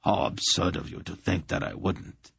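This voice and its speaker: A man's voice: low voice, expressive, moderate pace, gravelly, fairly bright tone, husky, heavily acted. A man voicing an urbane, cruel emperor in an audiobook, speaking with silky, polite menace.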